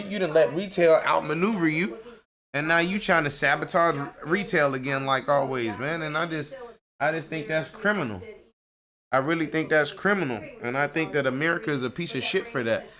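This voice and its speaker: A man's voice: medium pitch, pushed and bright. Angry man ranting on a livestream. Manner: profane, heated, repetitive complaining. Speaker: livestream host. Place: at home.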